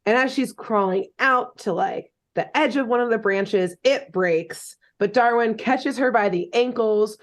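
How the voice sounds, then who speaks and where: A woman's voice: on the high side, measured pace, few pauses. Laughing, chatty podcast co-host woman. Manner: jokey, laughs often, filler-heavy retelling. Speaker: podcast co-host recapping a cartoon. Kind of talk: casual chat.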